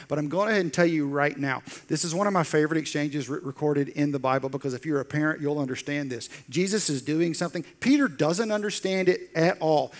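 A pastor with a voice on the high side preaches a sermon, telling the story through lively acted-out quotes and dropping into soft, intense lines.

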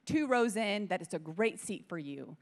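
A woman's voice: medium pitch, lively intonation, moderate pace, pitched below the performer's own voice, lightly acted. A woman voicing a kind, gracious coffee volunteer who speaks in an attentive, accommodating way.

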